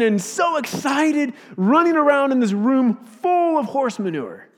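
A man with a high voice preaches as a pastor. He tells his stories with animated delivery and acts out their voices. His voice reverberates through a large church hall. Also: moderate pace, hardly any pauses, a little hiss or hum. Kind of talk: sermon.

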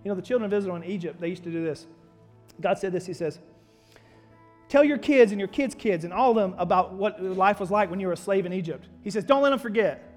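A male pastor delivers a sermon in a quick, high voice, moving from storytelling to loud, emphatic preaching. His words ring out in a reverberant church hall while soft music plays underneath.

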